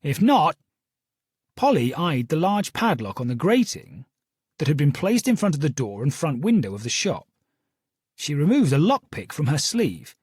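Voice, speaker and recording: A man reads a first-person story in a steady storytelling manner. His voice is husky and fairly high, with a lively rise and fall, and the recording is close and dry. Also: moderate pace, no echo. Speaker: audiobook narrator. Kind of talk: first-person audiobook narration.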